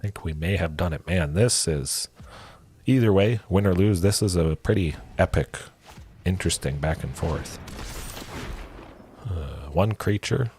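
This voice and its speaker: A man streaming a card game, commenting casually and thinking aloud, with excited exclamations and a lingering cough. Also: deep voice, a little slow, long pauses, husky. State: coughing, with a cold.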